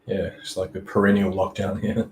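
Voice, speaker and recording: A man's voice: deep voice, little pitch movement, normal speed, reverberant, a little hiss or hum. A man hosting a live stream and giving casual coaching tips in an easygoing, chatty way. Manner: easygoing and chatty, with frequent restarts and "you know".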